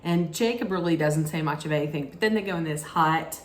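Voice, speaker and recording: A woman's voice: sits low, brisk. A woman casually recapping a reality TV episode. She often restarts her sentences and acts out what people said. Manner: chatty, with frequent restarts and lively acted-out quotes. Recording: echoey room with faint background noise.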